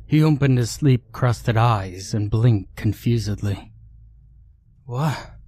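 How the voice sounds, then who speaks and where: Male horror narrator, low voice, unhurried, hushed. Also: slightly rough, no echo. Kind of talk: scripted horror story narration.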